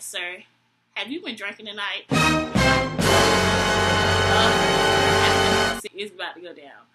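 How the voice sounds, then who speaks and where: A young woman vlogger telling a story in an animated, exasperated way, swearing often. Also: fairly high pitch. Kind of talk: storytime vlog.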